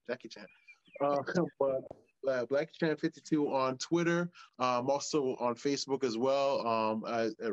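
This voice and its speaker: A man's voice: mid-range voice, no room sound, muffled recording. A male wrestler as interview guest, talking casually, hesitant and full of fillers. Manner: hesitant, filler-heavy, laid-back.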